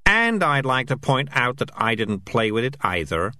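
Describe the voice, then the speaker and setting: A man's voice: mid-range voice, big pitch swings, bright, forceful tone, no room sound, studio quality, voice pushed up. Man voicing Morris, a smug talking tomcat. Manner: fast-talking, self-justifying. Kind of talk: audiobook character voice.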